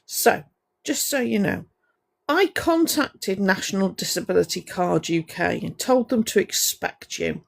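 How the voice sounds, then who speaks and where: A woman's voice: medium pitch, animated, unhurried, creaky. A woman on a livestream, confrontationally scolding someone while greeting viewers by name between points. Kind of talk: ranting livestream monologue to chat.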